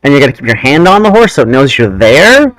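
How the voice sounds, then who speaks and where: A man's voice: mid-range voice, quick pace, no echo, rough recording. A man hosting a casual podcast chat, telling rambling stories about his childhood. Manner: animated, rambling storyteller. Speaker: podcast host.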